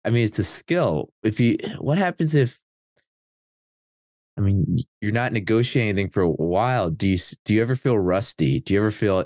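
A man's voice: lowish voice, expressive, brisk, a little mellow, no room sound, clean studio sound. A man hosting a podcast, asking probing questions and often restarting them. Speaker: podcast host.

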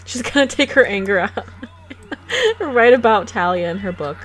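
A woman's voice: mid-range voice, very animated. Sassy woman narrating a life-sim game. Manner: playful, sassy, quick to laugh. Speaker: gaming channel host. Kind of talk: casual game commentary. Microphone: desk microphone.

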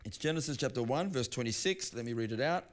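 Pastor teaching with lively personal stories. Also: male voice, medium pitch, fast talker. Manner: conversational, with restarts and personal stories. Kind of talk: sermon teaching.

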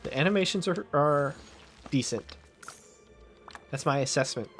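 A sarcastic man chatting through a game stream, swearing and laughing at himself. His pitch moves in a lively way. Faint music runs in the background. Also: measured pace. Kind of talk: casual game commentary.

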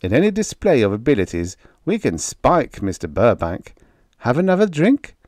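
A man's voice: medium pitch, huge pitch swings, moderate pace, a little mellow, no room sound, pitched above the performer's own voice. A man voicing a witty, dry-humored male station director in a science fiction story reading. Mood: wry. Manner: dry, mock-formal.

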